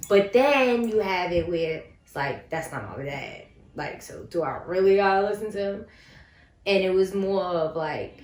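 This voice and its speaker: A woman speaking as an interview guest in casual family conversation, frank and animated, acting out quoted lines. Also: fairly low pitch. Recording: echoey room.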